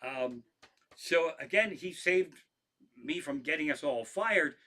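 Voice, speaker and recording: A man with a bright, edgy voice pitched a little high tells loose stories to his stream audience. He swears freely and keeps stumbling back into his sentences. It is casual comic storytelling. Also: expressive, slow pace. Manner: rambling, profane, frequent restarts. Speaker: stand-up comedian hosting a tribute stream.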